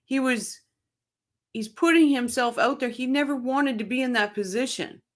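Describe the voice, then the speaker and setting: A woman's voice: high voice, moderate pace. A woman from Ontario hosting a casual livestream, chatting with viewers by name and laughing often. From Canada, Ontario. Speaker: livestream host reading viewer chat.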